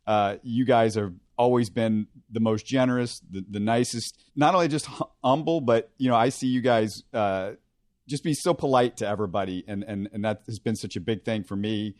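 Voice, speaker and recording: A man's voice: on the low side, normal speed, a little mellow, no echo, clean studio sound. A man hosting a casual sports interview, friendly and admiring, with some restarts. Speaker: podcast host.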